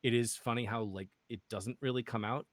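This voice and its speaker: A man's voice: medium pitch, fairly even intonation, fairly quick, dry recording. Rambling man guest, dry sound. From western Massachusetts. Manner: rambling, many restarts, laughs often. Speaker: guest, actual play streamer. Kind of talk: casual chat.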